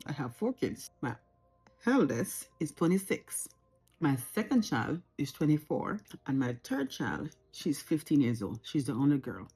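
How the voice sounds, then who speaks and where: A woman's voice: low-pitched, sing-song, unhurried, dark tone, breathy edge, soft background music. A Jamaican woman in her forties, talking reflectively and earnestly to camera at home, repeating phrases for emphasis. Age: 40s. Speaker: vlogger. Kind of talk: unscripted personal talk to camera.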